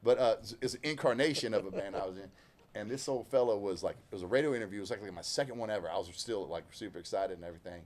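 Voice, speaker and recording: A man with a Southwest Louisiana accent and a gravelly growl in his voice, telling a rambling, folksy story in casual chat as a country singer guest. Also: lowish voice, racing, darkish tone. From Lake Charles, Louisiana. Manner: rambling, folksy, self-interrupting. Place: inside a vehicle.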